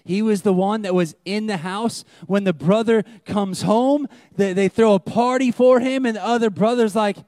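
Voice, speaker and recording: Animated high-voiced male pastor. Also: normal speed, few pauses, no room sound, clean studio sound. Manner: animated, swinging between loud emphasis and hushed intimate lines. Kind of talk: sermon.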